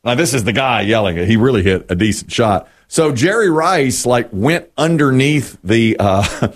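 A man co-hosting a radio show, telling a story with lively banter and acting out voices. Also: medium pitch, normal speed. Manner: animated storyteller, acts out voices. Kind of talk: casual morning radio banter.

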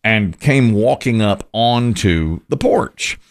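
A man's voice: on the low side, lively intonation, slow. A man co-hosting a radio show, telling a news story and joking with his co-hosts. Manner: storytelling, joking, playful voices. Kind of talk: casual radio banter. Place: radio studio.

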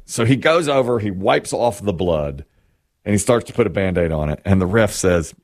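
A man co-hosting a casual talk show, telling an animated story and acting out the people in it. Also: on the low side, normal speed.

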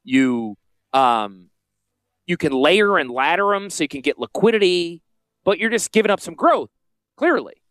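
A man with a Northern US Yankee accent, a financial advisor hosting a casual promotional podcast with salesy, jokey asides and a high-pitched voice. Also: sing-song, a little slow, a bit bright, no echo. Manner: self-described high-pitched voice. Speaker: financial advisor and radio host.

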